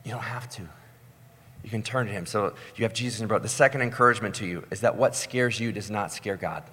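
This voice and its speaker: A man preaching a sermon in a conversational way, with lots of "like" and "right?", sometimes mimicking panicked voices before slowing into calm, soft emphasis. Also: on the low side, slightly rough. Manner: acts out panicked voices, then slows and softens. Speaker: pastor. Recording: long hall reverb with soft guitar music.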